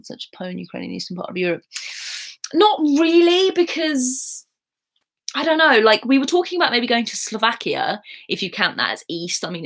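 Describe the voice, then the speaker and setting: A young English woman with a received pronunciation accent chats on a livestream, reading and answering viewer comments. Her voice sits a little low for a woman. She rambles along with plenty of fillers. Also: creaky, a bit bright. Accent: southern English received pronunciation. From England. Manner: chatty, rambling, lots of fillers. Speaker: YouTuber.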